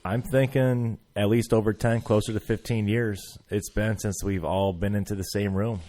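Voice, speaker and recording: A man's voice: fairly low pitch, steady tone, moderate pace, warm tone. A man hosting a casual podcast chat, blunt and swearing freely. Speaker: podcast host.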